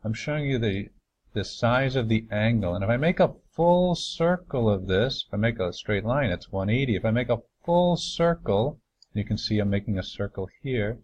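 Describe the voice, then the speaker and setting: A man's voice: on the low side, animated, moderate pace, darkish tone, muffled recording. Upbeat man teaching a math lesson. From New York. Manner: upbeat, chatty, folksy asides. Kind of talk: recorded lesson over slides.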